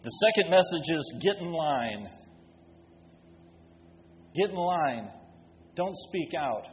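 Speaking slowly and with great animation, a slightly high-voiced man delivers a sermon in a church sanctuary. He is a pastor, and his emphatic rhetorical questions build in force, captured on a dull recording full of long hall reverb.

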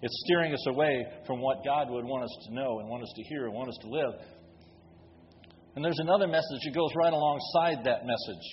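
A man's voice: mid-range voice, fairly quick, slight background noise. A man preaching a sermon from the pulpit, building force with emphatic rhetorical questions. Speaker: pastor. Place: church sanctuary. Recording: dull recording with long hall reverb.

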